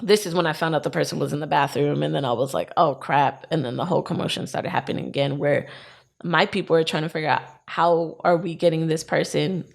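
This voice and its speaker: Woman, podcast co-host, very gravelly, lowish, casual animated storytelling. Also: fast talker. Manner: animated, acts out what she and others said.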